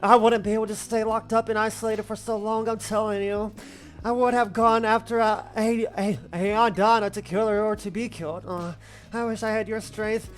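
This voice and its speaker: A woman voicing a calm, world-weary witch in game dialogue, speaking in a subdued, measured way. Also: mid-range voice, soft background music, lightly acted. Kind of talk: reading game dialogue aloud.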